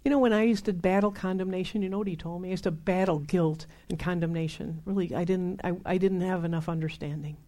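A woman's voice: lowish voice, fairly even intonation, fast talker, hardly any pauses, warm tone. A woman in her seventies preaching a sermon in a conversational, emphatic way, repeating phrases for stress.

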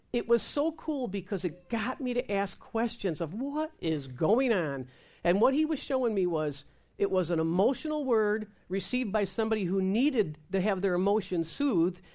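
A woman's voice: medium pitch, darkish tone. A woman telling a faith testimony to a group, acting out the quoted dialogue in different voices as she goes. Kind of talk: testimony storytelling.

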